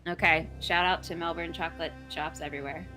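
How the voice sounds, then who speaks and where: A woman co-hosting a game stream in casual chat, expressive and quick to laugh and gasp, with faint music behind her. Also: lowish voice. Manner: expressive, laughs and gasps often. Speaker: stream co-host.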